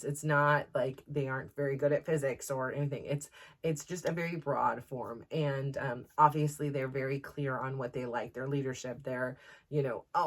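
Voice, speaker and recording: A middle-aged woman hosting a podcast, chatting casually and rambling with many fillers and restarts. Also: rumbling low. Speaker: podcast host. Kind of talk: casual chat.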